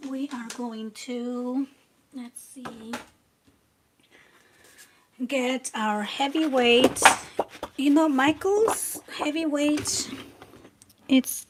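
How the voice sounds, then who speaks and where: A woman hosts a live crafting tutorial, chatting to viewers as she works. Her voice sits a little high and she talks slowly and easily. Steady background noise runs under the recording. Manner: chatty and relaxed, talks while working. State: a bit out of breath. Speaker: craft channel host.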